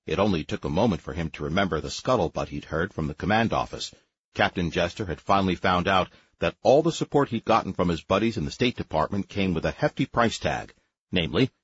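A man reading a sci-fi audiobook as narrator, measured storytelling with wry asides. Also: sits low, animated, slightly rough, dry recording, lo-fi sound. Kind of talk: scripted narration.

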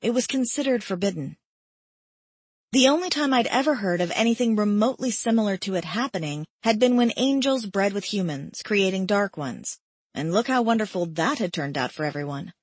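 A woman reads a first-person novel in a mid-pitched, husky voice. The recording is dry and close, with no room sound. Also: no echo. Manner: intimate, measured first-person storytelling. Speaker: audiobook narrator. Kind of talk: scripted narration.

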